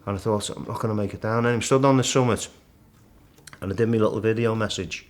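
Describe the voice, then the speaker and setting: Lowish-voiced man telling a climbing story. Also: quick pace. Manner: animated storyteller, acts out his own shouts and thoughts. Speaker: interview guest, Everest climber. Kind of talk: storytelling in casual conversation.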